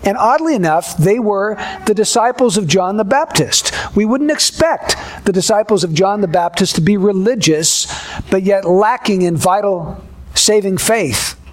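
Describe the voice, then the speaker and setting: A male pastor preaching a sermon in a measured, deliberate way, building repeated contrasts. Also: high-pitched, animated.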